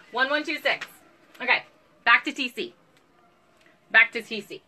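Woman, 30s, bubbly live seller; bright, lively, slightly high voice. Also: a little slow, pauses often. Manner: bubbly, chatty, giggly, uses y'all. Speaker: live online clothing seller. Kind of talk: live sales stream chat.

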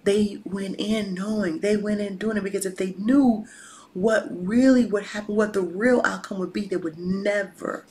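A woman's voice: mid-range voice, fairly even intonation, moderate pace, darkish tone, slight background noise, low-quality recording. A woman life coach giving a casual, preachy motivational talk, dropping to a whisper for emphasis and using slang.

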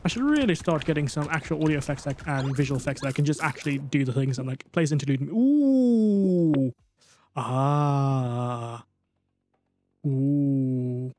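A man's voice: very fast, hardly any pauses, a little hiss or hum. A tired man commenting on his gameplay, English not his first language, rambling and self-mocking. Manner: excitable, rambling, self-mocking, jumps to high squeaks when panicking. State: tired late at night. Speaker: gaming YouTuber.

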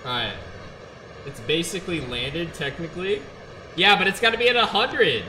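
A young man streaming a game live, excitable and trash-talking, shouting when he gets frustrated, on a gaming headset. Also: a little high, moderate pace, reverberant, slight background noise, rough recording.

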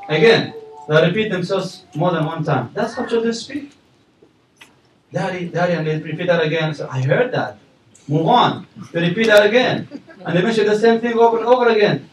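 A man giving a sermon to a community audience, telling stories and asking the audience questions, swinging between loud and soft. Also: sits high, fast, slight background noise. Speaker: imam giving a lecture. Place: mosque hall. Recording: echoey hall, mic at a distance.

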